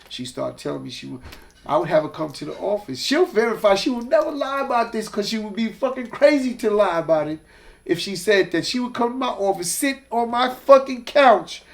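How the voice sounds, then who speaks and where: Gravelly-voiced and pitched high, this man tells stories as a guest. A music executive from Hollis, Queens, New York, he's animated and profane in his casual storytelling, doing the voices of everyone in his tales.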